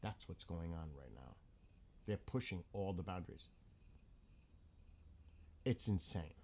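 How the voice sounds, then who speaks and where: A man's voice: sits low, lively intonation, a little slow, warm tone, slight background noise. A man ranting bluntly about politics in a casual vlog, heated and swearing often. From United States. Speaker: vlogger.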